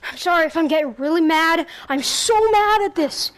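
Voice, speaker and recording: A woman giving casual gameplay commentary at home on a headset, talking to the game and shouting at the enemies in frustration. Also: very high voice, moderate pace. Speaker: gaming YouTuber.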